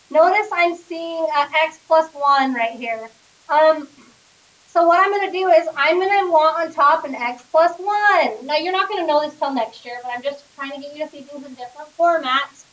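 High-voiced woman teaching math in class. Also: normal speed, fairly bright tone, roomy sound. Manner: questioning, coaxing students step by step. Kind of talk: classroom lecture. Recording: distant classroom recording.

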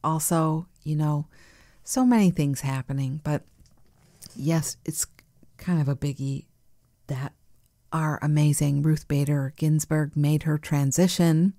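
A woman hosting a spiritual podcast in a soft, nurturing way, laughing easily and sometimes dropping to a whisper. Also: low voice, steady tone, slow, dry recording, studio quality. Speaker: podcast host. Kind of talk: gentle spiritual podcast chat.

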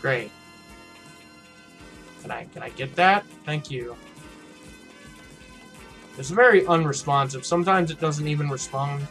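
A man with a slightly higher voice, casually talking through a game he is playing. He is blunt and mocking and swears often as he commentates. Faint game music sits behind him. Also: measured pace, long pauses, a bit bright. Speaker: gaming channel host.

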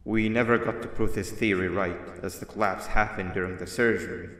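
An actor playing a calm male instructor giving measured, serious directions over a speaker in a game. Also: lowish voice, natural voice. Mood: calm, instructive. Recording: roomy echo with long reverb.

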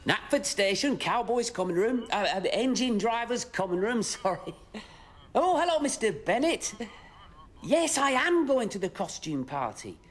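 Speaking a little slowly, the man gives the fussy, cheerful engine driver a full character voice, high-pitched and very animated. He addresses the children's show audience directly, chatty and exaggerated.

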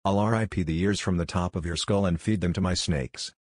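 A man voicing a crude, hot-headed woman ninja in a narrated fan fiction story, with a deep, dry voice close to his own. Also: fairly even intonation, a little fast, darkish tone, no echo. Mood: enraged. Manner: crude threats.

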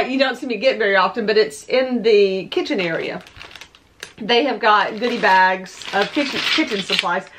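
A woman with a voice going hoarse, rambling as she shows off her thrift finds at home. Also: mid-range voice, noisy background. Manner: rambling, chatty, thinking aloud. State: losing her voice. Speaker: vlogger showing thrift finds. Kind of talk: casual show-and-tell chat. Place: home room with window open. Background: dogs barking.

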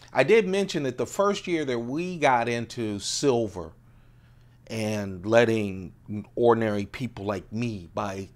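A man in his late fifties, casually showing his pocket items on a vlog, rambling and laughing as he goes. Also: mid-range voice. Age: 50s. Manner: chatty, laughs often, digresses. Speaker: EDC video host. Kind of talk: casual rambling show-and-tell.

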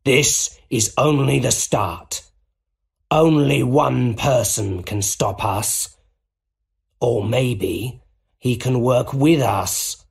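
A man reading a storybook, voicing a gloating male goblin villain in a slow, low, breathy menace. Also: full character voice.

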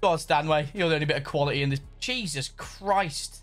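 A man with an English accent, faintly Brummie, giving excitable casual commentary on a football game, swearing and laughing often. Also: on the high side, a little fast, faint music behind. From Birmingham area, England. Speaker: gamer.

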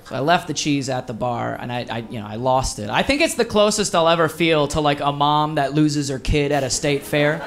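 Upbeat comedian telling a story. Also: male voice, on the high side, fairly quick, hardly any pauses, slight background noise. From Wisconsin. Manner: animated storytelling with acted voices. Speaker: stand-up comedian. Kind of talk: stand-up comedy set. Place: live comedy venue. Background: audience laughter.

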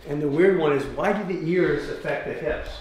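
A man leading a guided fascia exercise class, giving calm step-by-step cues and explaining as he goes. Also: fairly high pitch, moderate pace, a little hiss or hum. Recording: roomy echoey room.

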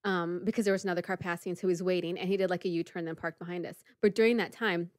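A podcast co-host with a lowish voice races through a story in casual chat, peppering it with "like" and acting out the people involved as a lively storyteller. The recording is dry with clean studio sound.

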